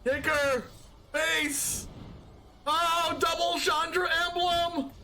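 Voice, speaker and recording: A man giving excited gameplay commentary on a card game he streams, yelping and laughing as he talks to himself. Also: very high voice, extremely slow.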